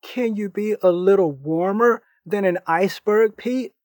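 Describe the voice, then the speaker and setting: An exasperated young woman played by a male reader snaps and scolds in a lifted pitch. She is sharp-tongued and impatient. The recording is dry and close. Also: measured pace, no room sound. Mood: scolding.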